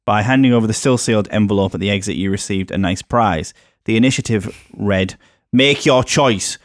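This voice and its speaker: A man's voice: lowish voice, fairly quick, dry recording, clean studio sound. A man co-hosting a casual film podcast, hesitant and full of restarts, reading out trivia. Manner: hesitant, restarts often, reads trivia aloud. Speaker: podcast co-host. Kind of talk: casual film review chat.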